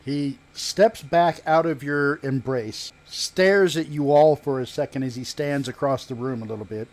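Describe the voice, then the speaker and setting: A man running a tabletop game as game master, narrating the scene in a halting, measured way with pauses and restarts. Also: medium pitch, a little mellow.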